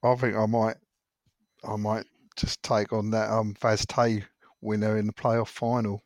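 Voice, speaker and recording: A man's voice: on the low side, flat delivery, unhurried, a little mellow, no echo, studio quality. A man co-hosting a football podcast, chatting in an easygoing way. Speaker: podcast co-host. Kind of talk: casual chat.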